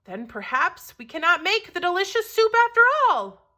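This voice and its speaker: A woman's voice: very high voice, very animated, moderate pace, sharp tone, pitched above the performer's own voice, exaggerated voice. A woman voicing two cheerful traveling cooks who chant in a sing-song way in a storybook read-aloud. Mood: eager.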